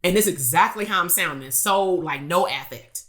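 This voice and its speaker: A woman speaking gives a motivational live-stream talk as a business coach. Her voice is bright and forceful. She tells a blunt, streetwise story and drives her points home with rhetorical questions. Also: fairly low pitch, lively intonation, normal speed.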